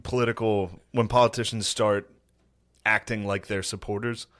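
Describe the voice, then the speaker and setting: A man, co-hosting a podcast with quick, sarcastic, joking asides. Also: fairly low pitch, level tone, a bit bright. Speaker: podcast co-host. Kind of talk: casual chat.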